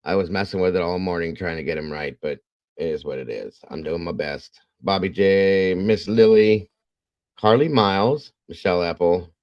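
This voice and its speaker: A man's voice: sits low, normal speed, dry recording, lo-fi sound. A man hosting a casual livestream, rambling and acting out the voices in his stories. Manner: rambling, animated storyteller acting out quotes. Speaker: true crime livestream host.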